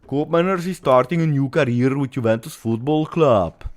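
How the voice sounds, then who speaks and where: A man's voice: mid-range voice, moderate pace, voice pushed up, close to an everyday voice. A man voicing a mock Scottish man who grumbles and swears, in an exaggerated, raised put-on Scottish accent. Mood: mock-lamenting.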